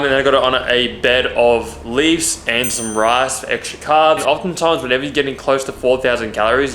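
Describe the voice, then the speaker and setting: Bright-voiced chatty young guy vlogging. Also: mid-range voice. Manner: jokey, chatty, self-deprecating. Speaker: fitness YouTuber. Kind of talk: casual vlog narration. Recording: echoey room, faint background noise.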